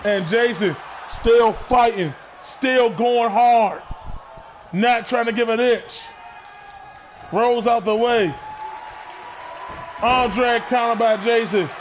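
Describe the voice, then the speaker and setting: High-pitched excitable man calling wrestling. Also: takes it slowly, long pauses, a faint crowd, a little hiss or hum. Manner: excitable, shouting calls, frequent restarts. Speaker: wrestling commentator. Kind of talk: play-by-play commentary.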